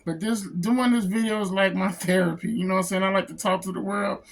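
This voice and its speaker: A man who is a comic book artist, talking in an emotional personal vlog, close to tears, halting and repeating himself. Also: high-pitched, fairly even intonation, vocal fry. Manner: halting, repeats phrases, says "man" a lot. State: tearful, close to crying.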